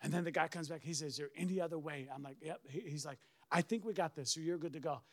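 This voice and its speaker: A middle-aged man, a pastor, telling a story in a sermon with lively swings and bursts of shouted praise. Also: on the high side, quick pace. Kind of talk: sermon testimony.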